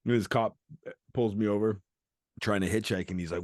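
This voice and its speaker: A deep, low-pitched middle-aged man from Canada rambles through a story with frequent laughter and profanity. He acts out the voices of the people he quotes. The recording is dry and close. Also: steady tone, moderate pace, a little mellow, dry recording. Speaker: podcast host. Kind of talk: candid storytelling chat.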